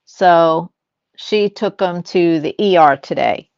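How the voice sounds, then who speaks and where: An older woman hosts a casual chat, telling family stories at an unhurried, slow pace. Her voice sits a little low and sounds dry and dull, like a lo-fi stream. She acts out the lines people said in her stories. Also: a little mellow, no echo. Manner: storytelling, acts out quoted lines. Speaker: host.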